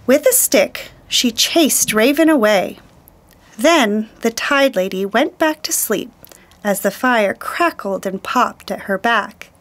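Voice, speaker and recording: A woman storyteller reading a children's picture book aloud, slow, gentle and deliberate. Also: fairly high pitch, animated.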